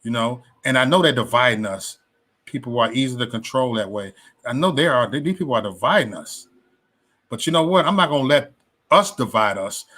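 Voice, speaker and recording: A man talking casually about politics and faith, animated and preachy, with many restarts and slangy asides. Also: medium pitch, brisk. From West Side of Chicago. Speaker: political commentator. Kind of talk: casual opinion vlog.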